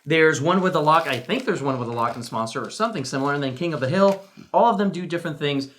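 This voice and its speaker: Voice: medium pitch, animated, quick pace, fairly bright tone. A chatty, curious co-host talks through a board game unboxing in a mid-range voice. The tone is teasing and casual.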